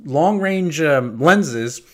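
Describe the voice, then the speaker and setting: A man's voice: on the high side, extremely slow. A man co-hosting a podcast in casual chat, rambling and correcting himself as he goes. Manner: rambling, self-correcting, lively. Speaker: podcast co-host. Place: lives in Amsterdam.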